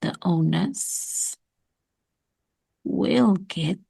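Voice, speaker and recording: A woman's voice: lowish voice, drawn-out words, vocal fry, mellow, breathy edge. A woman with a South African accent going over an exam memo, thinking aloud and repeating her answers. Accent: South African English. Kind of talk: exam revision lesson.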